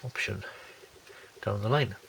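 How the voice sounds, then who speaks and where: The audio is very noisy as a scale model kit reviewer, recovering from a cold that hasn't quite gone, rambles casually through unboxing a kit with plenty of fillers and restarts. His gravelly voice sits on the low side, and he speaks a little slowly.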